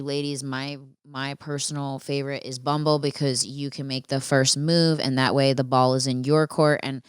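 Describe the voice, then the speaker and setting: A woman's voice: extremely low pitch, clear, resonant tone, dry recording, studio quality. A woman hosting a casual storytelling podcast, chatty and profane, talking to listeners with friendly asides. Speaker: podcast host.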